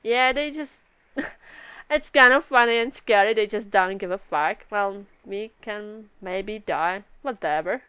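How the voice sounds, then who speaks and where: A woman's voice: mid-range voice, a little slow, bright, forceful tone, smooth, no room sound. A woman casually reacting to a manga chapter live, giggling often and swearing freely as she reads aloud. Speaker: anime reaction video host.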